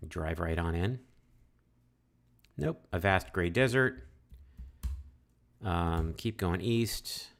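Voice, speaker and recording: A man with a very low voice talks his way through a text adventure. He reads the game text aloud and thinks out loud in a chatty way, with lots of fillers and restarts. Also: very slow, pauses often. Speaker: let's-play host. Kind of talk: casual game playthrough, reading text aloud.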